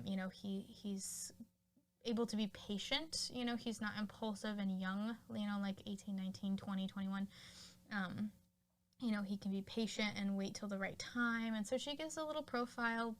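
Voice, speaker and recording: This woman speaks at a moderate pace in a steady, mid-range voice while hosting a podcast. Her film recap is casual and talkative, peppered with "like" and "you know."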